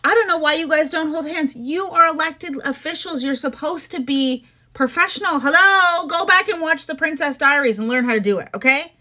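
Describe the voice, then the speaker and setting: A woman's voice: high-pitched, fairly quick, hardly any pauses, pushed and bright. A young woman from Canada hosting a podcast, ranting casually about politics in an exasperated, sarcastic, chatty way. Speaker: podcast host.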